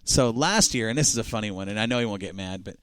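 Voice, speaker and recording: A man's voice: on the low side, fast, clean tone, no echo. A man co-hosting a racing talk show, telling stories in casual chat and acting out the quotes. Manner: animated storyteller, acts out quotes.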